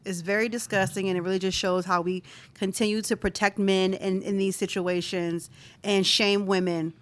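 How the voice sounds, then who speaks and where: A woman's voice: flat delivery, normal speed. A woman co-hosting a podcast in casual chat, speaking emphatically with heated outbursts. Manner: emphatic, heated, swings high when outraged. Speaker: podcast co-host.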